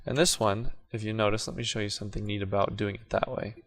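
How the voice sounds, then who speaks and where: A man with a lowish voice moves at a quick pace through a casual, screen-recorded video editing tutorial. Relaxed, he talks through his clicks as he works and corrects himself now and then.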